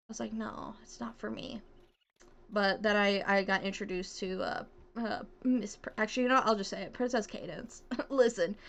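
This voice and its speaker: A woman's voice: mid-range voice, creaky, pushed and bright. A young woman with a Southern US accent chatting while streaming a game, rambling, swearing often and laughing at herself. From southern United States. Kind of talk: casual gaming stream chat.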